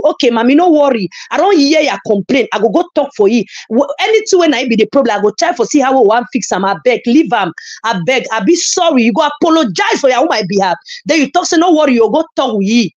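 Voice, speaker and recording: A woman's voice: sits high, dull audio. A woman with a Nigerian Pidgin accent, scolding and insulting a rival in a heated online rant. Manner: scolding, insulting, loud emphatic outbursts. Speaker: social media commentator.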